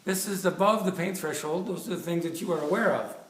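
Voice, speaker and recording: A man's voice: sits high, brisk. A man in his fifties working as a chiropractor, giving an enthusiastic, jokey presentation with props, often restarting his sentences. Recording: echoey room, distant mic, faint noise.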